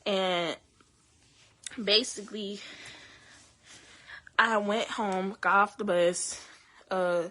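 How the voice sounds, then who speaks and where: A young woman telling her own story to her viewers, halting, with many fillers and restarts. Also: medium pitch, fairly even intonation, bright, forceful tone. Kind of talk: emotional personal storytelling to camera.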